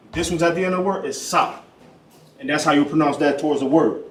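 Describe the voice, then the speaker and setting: A man teaching a class in a casual way, often saying boom and trailing off quietly. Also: quick pace, slight background noise. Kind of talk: casual classroom letter lesson. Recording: echoey room, mic at a distance.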